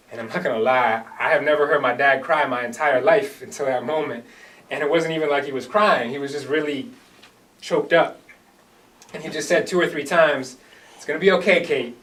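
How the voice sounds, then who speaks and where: A fairly bright, mid-range male voice comes through a distant microphone. The man hesitates with fillers as he introduces himself, then tells an earnest first-person dramatic monologue.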